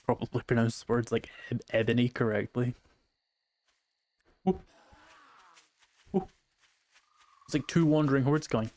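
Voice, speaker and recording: Scottish man with a touch of vocal fry. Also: mid-range voice, measured pace, pauses often, darkish tone, no room sound. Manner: chatty, wry, reading chat aloud. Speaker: streamer. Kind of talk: casual gameplay chat.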